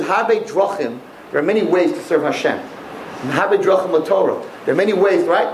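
A man giving a humorous Torah lecture, animated and checking in with listeners with a frequent "right?". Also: high voice, roomy sound, slight background noise, low-quality recording. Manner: animated, repeats "right?" to the audience. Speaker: religious teacher.

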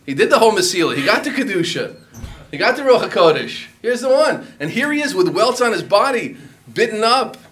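Man teaching Talmud, a touch high-pitched, explains steadily and slips in Aramaic and Hebrew phrases. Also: big pitch swings, fairly quick, a bit bright. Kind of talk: Talmud class lecture.

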